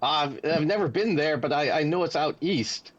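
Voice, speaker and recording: A man doing a rough, grateful dwarf miner with a thick put-on brogue, pitched well above his usual voice. His lines swing widely as he talks in this tabletop game. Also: expressive, moderate pace, lo-fi sound. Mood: chatty. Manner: put-on brogue the players call Irish. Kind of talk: tabletop role-play voice.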